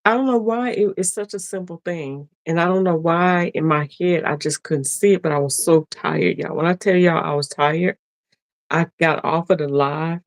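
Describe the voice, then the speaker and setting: Here a woman with a low-pitched voice, recorded without echo, runs a casual sewing stream. She's chatty and laughs often, speaking straight to the people watching.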